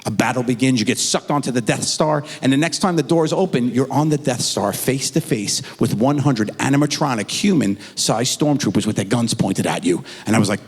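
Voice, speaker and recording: A middle-aged man telling a stand-up comedy story with animated, exaggerated voices, on a theater stage with a handheld mic. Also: medium pitch, fairly quick, few pauses. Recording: echoey theater with faint crowd.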